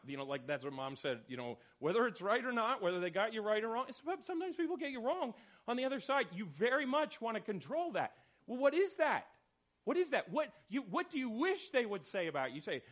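High, lively male group leader. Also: fast talker. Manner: animated, questioning, calls on people by name. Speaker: church study group leader. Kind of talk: animated discussion leading.

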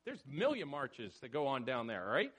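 A man leading a church study discussion, animated and questioning, calling on people by name. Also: mid-range voice, a little fast, husky. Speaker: church study group leader.

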